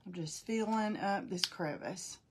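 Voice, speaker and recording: A woman's voice: medium pitch, a little slow, slight background noise. A middle-aged woman casually demonstrating a craft live, chatting folksily, thinking aloud and greeting viewers by name.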